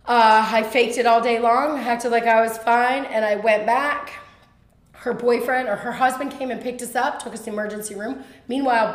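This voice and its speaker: A woman telling a personal story as a podcast guest, animated and quick, with lots of fillers. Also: mid-range voice, roomy sound.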